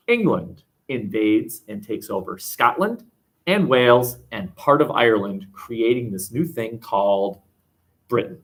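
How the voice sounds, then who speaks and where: A man teaching a history class, lively and questioning, recorded from across a classroom. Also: medium pitch. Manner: animated, asks the class questions, jokes. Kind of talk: classroom lecture. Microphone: webcam across the room. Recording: distant webcam sound.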